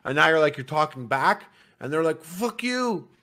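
A man's voice: a little high, steady tone, a little fast. A man hosting a casual podcast, telling stories about substitute teaching in a rambling way full of fillers. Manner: rambling, filler-heavy, acts out quotes in loud voices. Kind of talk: casual storytelling chat.

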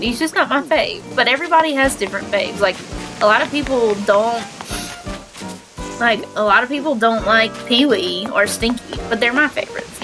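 A young adult woman streaming a game live, chatting excitably with viewers, giggling and squealing, her voice a little stuffy from allergies. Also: on the high side, poor audio. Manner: excitable, giggly, squeals when finding players.

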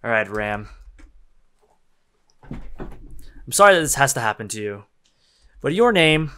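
Profane, animated young man gaming. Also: mid-range voice, slow, pauses often, clear, resonant tone. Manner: profane, excitable, laughs often. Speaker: game streamer. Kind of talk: casual gameplay commentary.

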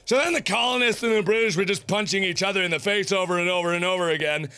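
A man in his twenties hosting a gaming video, loud and goofy, ranting and rambling between frustrated outbursts. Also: high-pitched, quick pace, clean tone. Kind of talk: let's play commentary.

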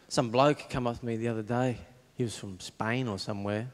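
Aussie bloke doing deadpan stand-up on stage, loud crowd laughing behind, average pitch. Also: male voice, normal speed, long reverb tail, very noisy. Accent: Australian. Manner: laconic, deadpan storytelling with acted-out voices. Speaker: stand-up comedian. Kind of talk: stand-up comedy routine. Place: stage before a live audience. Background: loud audience laughter.

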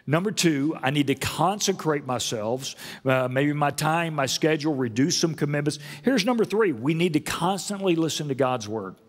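A man preaches a sermon with earnest conviction, letting some phrases sink low and slow before others climb high and loud for emphasis. His voice sits on the high side for a man. The sound carries the long reverb of a large church hall. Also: animated. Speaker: senior pastor. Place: church auditorium.

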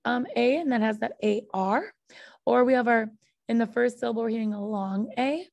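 Gravelly woman teaching a phonics lesson. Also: fairly high pitch, moderate pace, darkish tone, no echo. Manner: patient, repeats "okay?" often.

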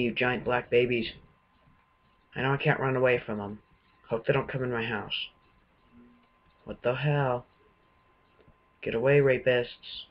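A man's voice: medium pitch, highs cut off. A man giving jumpy, swearing running commentary while playing a video game. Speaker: gamer. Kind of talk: let's-play commentary.

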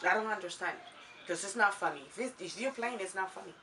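A woman's voice: medium pitch, fast talker, bright, forceful tone. A mother from the Dominican Republic, worn out from work, flustered and disbelieving as she talks with her son at home. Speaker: vlogger's mother. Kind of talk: casual family talk. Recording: distant voice in a noisy room.

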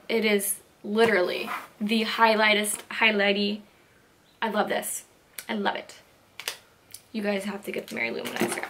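Young woman vlogger raving about makeup, bright voice, kinda high, super excited. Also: a little hiss or hum. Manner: gushing, excitable, lots of "like" and "so cute". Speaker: beauty vlogger. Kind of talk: casual product haul chat.

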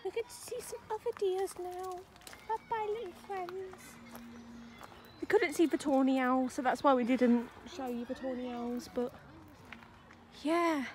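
A woman's voice: high voice, steady tone, takes it slowly, long pauses, a little hiss or hum. A woman vlogging outdoors at a wildlife park, gushing and cooing at the animals in baby talk. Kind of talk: casual vlog commentary.

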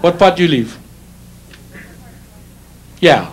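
A middle-aged man with a Hawaiian Pidgin accent performs teasing stand-up on a hotel showroom stage, talking directly with audience members. His fairly high voice is sing-song and slow, and the live recording carries crowd laughter and noise.

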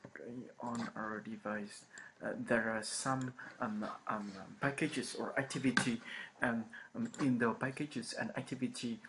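A man with explains programming in a gravelly, monotone voice. He stumbles, repeats phrases and fills pauses with ums. The recording has steady background noise. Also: mid-range voice. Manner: halting, many ums, repeats phrases with frequent okays. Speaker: programming instructor. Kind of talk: screen-recorded coding lecture. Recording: noisy home recording.

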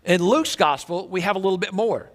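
A male pastor preaching a sermon in a church, telling stories with energy and many repeats and restarts. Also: high voice. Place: church sanctuary.

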